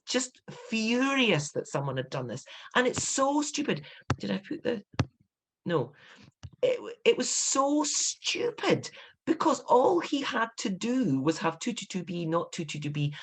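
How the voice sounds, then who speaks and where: Scottish woman author, 50s, lecturing writers; emphatic, animated, quick to indignation. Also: low-pitched. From Scotland. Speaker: author giving a writing talk. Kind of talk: instructive talk to writers.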